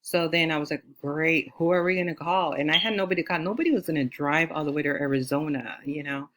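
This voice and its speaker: Female astrologer from California, lowish voice; rambling casual storyteller who acts out quotes. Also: fast talker, a bit bright. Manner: chatty, with many fillers like "you know"; acts out quoted lines in a higher voice.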